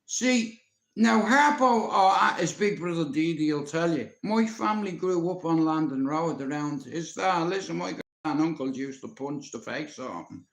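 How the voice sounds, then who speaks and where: High-voiced Dublin man telling stories. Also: expressive, normal speed, vocal fry, fairly bright tone, echoey room. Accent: Dublin Irish. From Ireland. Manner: profane, blunt, talks directly to viewers. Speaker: livestream host. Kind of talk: rambling storytelling to a live audience.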